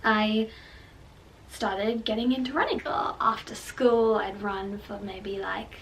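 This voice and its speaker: A woman's voice: medium pitch, fairly even intonation, slow. A young woman, candidly and emotionally telling her own story as a vlogger, with lots of "like" fillers. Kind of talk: personal storytelling to camera. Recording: slightly distant mic with faint background noise.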